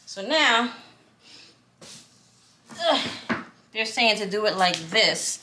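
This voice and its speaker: A woman's voice: fairly high pitch, expressive, slow pace. A woman chatting to her camera while she assembles furniture at home, exasperated and talkative. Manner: talkative, exasperated, addresses viewers as y'all. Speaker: vlogger. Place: room at home. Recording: echoey room with faint noise.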